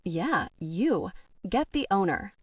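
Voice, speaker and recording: Audiobook character: a woman voicing a cranky old man with a cane, barking and gruff, dry close sound. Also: medium pitch, big pitch swings, takes it slowly, darkish tone, no echo, recorded from a distance, heavily acted. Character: crotchety older male customer with a cane.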